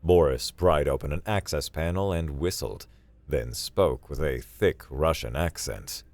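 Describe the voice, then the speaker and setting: A man narrating a sci-fi story in a dry, steady storytelling manner. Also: rumbling low, a little slow, no echo. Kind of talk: scripted narration.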